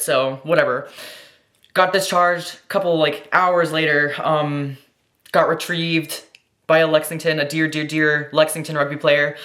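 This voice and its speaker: Rambling, excitable young woman vlogging. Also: on the low side, echoey room. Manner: rambling, excitable, swears a lot, dramatic. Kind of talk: casual oversharing vlog.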